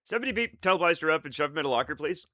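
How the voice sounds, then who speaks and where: A man with a fairly high, bright voice, chatting to his stream in a rambling, excitable and self-mocking way. His pitch swings widely, and the sound is dry and close. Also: very fast, no room sound. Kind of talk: casual live-stream chat with viewers.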